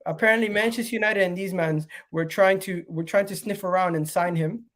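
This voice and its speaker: Nasal with a cold, this man hosts a laid-back football live stream, rambling chattily and addressing his viewers directly. His voice sits high and steady, brisk and a bit bright.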